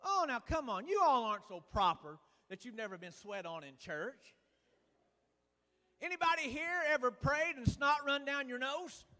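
Pastor guy preaching, real high bright voice, echoey church hall. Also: animated, normal speed. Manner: folksy, rising to loud preaching with frequent "uh". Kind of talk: sermon. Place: church sanctuary.

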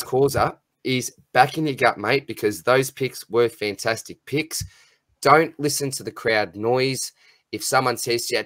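A man runs a casual podcast chat, joking and laddish, calling everyone mate. His voice sits at an ordinary pitch and comes through a close, dry mic with no room sound. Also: fairly bright tone, no room sound. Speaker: podcast host.

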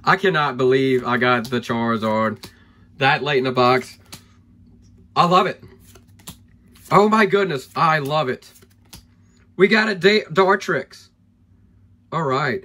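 A man opening trading card packs on camera, excitable and hyped, thinking aloud as he goes and losing his voice. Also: on the high side, a little slow, long pauses. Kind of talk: excited pack-opening vlog.

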